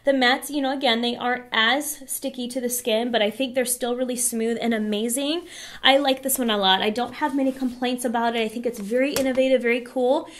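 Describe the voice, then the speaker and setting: A woman beauty vlogger chatting through a product review in a hoarse voice, enthusiastic and chatty. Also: on the high side, steady tone, a little fast. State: hoarse, losing her voice.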